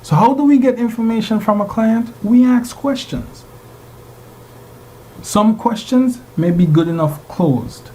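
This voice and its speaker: A man's voice: high-pitched, lively intonation, unhurried, warm tone, a little hiss or hum, rough recording. A man teaching a class, lecturing and regularly putting rhetorical questions to his students. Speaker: instructor.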